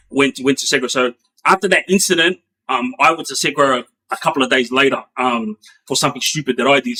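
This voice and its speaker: Bright-voiced man, rambling storyteller. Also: a little high, rough recording. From Australia. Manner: rambling, many fillers and restarts, quotes others animatedly. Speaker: former inmate telling stories. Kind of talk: casual storytelling.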